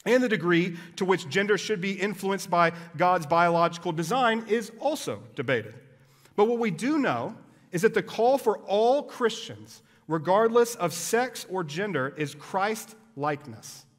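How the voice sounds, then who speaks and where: A fairly high-voiced man gives a sermon, explaining points in an easy, conversational way and dropping in casual asides. His voice carries a long reverb from a church hall. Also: expressive, moderate pace. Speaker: pastor.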